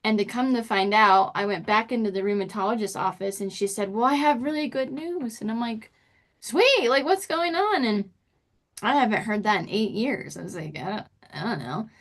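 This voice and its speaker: A middle-aged woman, a podcast guest, telling her personal story in casual conversation with lively, expressive pitch jumps. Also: fairly quick. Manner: expressive, pitch jumps when acting out quotes.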